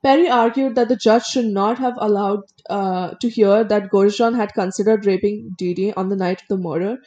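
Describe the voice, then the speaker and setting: A woman's voice: medium pitch, fairly even intonation, fairly quick, mellow, lo-fi sound. A woman recounting a criminal case in a casual podcast chat, reading out details and adding blunt opinions. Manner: reads case details then adds blunt opinions, some stumbles. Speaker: co-host.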